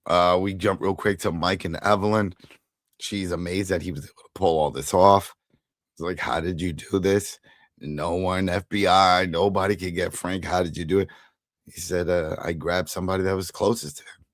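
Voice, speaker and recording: A man co-hosting a casual TV recap chat, retelling scenes with animated quoted lines. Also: deep voice, moderate pace, no room sound, studio quality. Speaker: podcast co-host.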